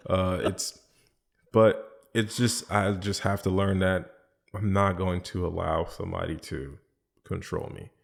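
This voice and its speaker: A man talking as a podcast guest in casual chat, telling animated stories and acting out other people's lines. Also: low voice, measured pace, vocal fry. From Caribbean island family background.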